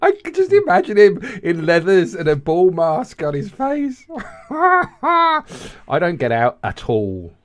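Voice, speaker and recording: A man's voice: high voice, huge pitch swings, slow pace. A British man co-hosting a podcast, chatting in a joking, giggly way with lots of stammered restarts. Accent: British English. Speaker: podcast co-host. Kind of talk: casual comedic chat.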